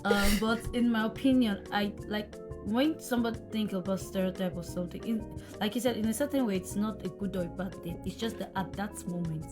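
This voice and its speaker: A woman's voice: medium pitch, fairly quick, music in the background. A woman podcast co-host who teaches, talking in a hesitant, thinking-aloud way full of "like" and "um". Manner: hesitant, uses 'like' and 'um', thinks aloud. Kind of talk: casual podcast chat.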